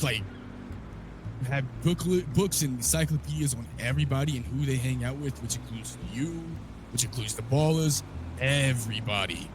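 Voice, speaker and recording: A man recapping a wild story in character, swearing a lot and telling it with animated energy. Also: mid-range voice, background noise.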